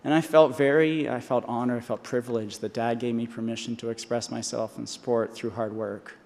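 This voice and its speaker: A man's voice: medium pitch, fairly even intonation, normal speed, vocal fry, darkish tone. Earnest man speaking in a reverberant hall. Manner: earnest, with restarts and repetitions. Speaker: honorary doctorate speaker. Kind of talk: commencement speech. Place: large convocation hall.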